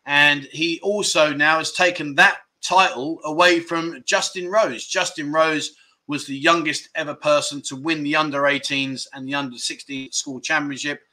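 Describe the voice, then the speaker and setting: A man's voice: fairly high pitch, steady tone, moderate pace, pushed and bright. A middle-aged man hosting a casual livestream, chatting loosely, laughing often and reading out viewer comments. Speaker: livestream host.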